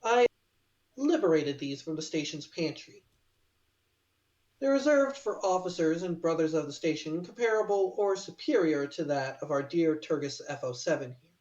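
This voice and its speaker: A man voicing a sly, charming male clone officer with a smooth, teasing manner, recorded distant in a roomy space on a dull mic. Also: on the high side, animated, normal speed, a little mellow, natural voice.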